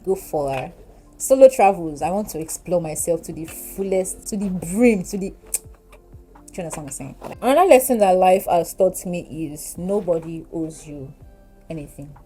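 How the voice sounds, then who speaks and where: Chatty Nigerian woman, mellow voice. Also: lowish voice, normal speed, soft background music, poor audio. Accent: Nigerian English. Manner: chatty, animated, giggly. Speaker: beauty vlogger. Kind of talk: casual get-ready-with-me chat.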